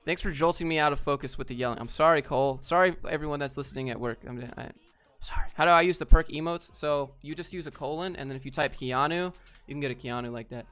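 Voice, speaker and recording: A man on a casual livestream answering chat questions in a laid-back, low-energy way. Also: quick pace, few pauses, fairly bright tone, clean tone, soft background music.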